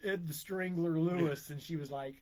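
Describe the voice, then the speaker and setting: A man's voice: on the high side, moderate pace, dark tone. A man co-hosting a casual podcast, joking and chiming in often. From St. Louis area. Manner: playful, jokey, chimes in often. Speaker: podcast co-host. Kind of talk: casual chat.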